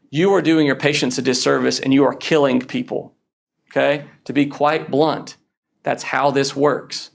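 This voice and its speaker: Blunt, gravelly man lecturing doctors. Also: medium pitch, fairly even intonation, moderate pace. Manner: blunt, punchy, frequent "okay?" check-ins. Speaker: emergency physician lecturing. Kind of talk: conference lecture.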